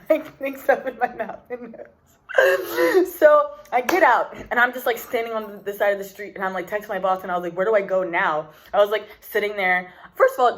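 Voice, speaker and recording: Chatty young woman telling a story. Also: medium pitch. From United States. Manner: rambling, lots of "like" and "literally". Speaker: vlogger. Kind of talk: casual storytelling to camera.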